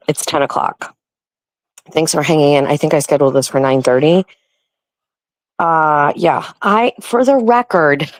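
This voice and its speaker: A woman's voice: low-pitched, dry recording, rough recording. A young woman hosting a casual livestream, chatting in a rambling, apologetic way with lots of fillers. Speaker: host.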